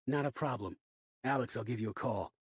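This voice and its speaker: A man's voice: mid-range voice, brisk, breathy edge, no room sound, studio quality, natural voice. A man voicing a crude, aggressive young male college friend who swears freely.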